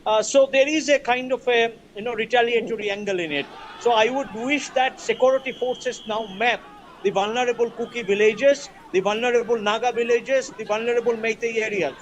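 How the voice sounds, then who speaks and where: A man, a professor on a news debate panel, articulate and firm, lecturing in measured terms. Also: extremely high pitch, fairly even intonation, lo-fi sound, a little hiss or hum.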